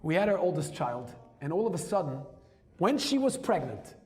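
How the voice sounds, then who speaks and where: A man telling a personal story as a rabbi, lively and emphatic, dropping Hebrew and Yiddish terms into his English. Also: a little high, normal speed, faint music behind. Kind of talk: storytelling talk.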